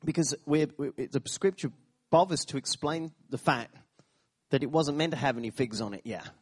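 A man with a slightly high, somewhat rough voice preaches a sermon at a moderate pace. He tells stories animatedly, tossing in laughing asides, repeating phrases, and breaking into sudden bursts of emphasis.

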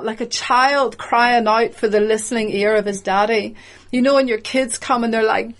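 A woman preaching a sermon in a measured, emphatic way, explaining the meaning of words as she goes. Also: fairly high pitch.

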